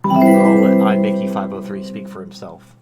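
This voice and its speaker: A man's voice: lowish voice, level tone, moderate pace, loud music behind the voice. A man hosting a live-stream talk show, talking in blunt, rambling casual commentary with frequent restarts. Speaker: show host.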